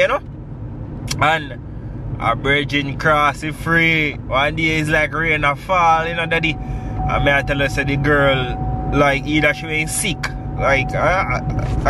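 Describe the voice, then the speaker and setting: A man's voice: a little high, noisy background. A man telling a rambling, laughing story in patois for his family vlog, out by a road at night. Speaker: family vlogger.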